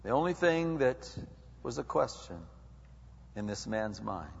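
A man's voice: fairly low pitch, expressive, a little slow, long pauses, slightly rough. A male pastor preaching a sermon. He asks the congregation question after question and builds his intensity as he goes. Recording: dull sound with long hall reverb.

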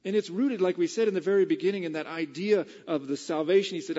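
A man preaching a casual, conversational Bible study sermon that builds to excited, emphatic peaks. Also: high-pitched, fast, hardly any pauses, big-room sound, lo-fi sound.

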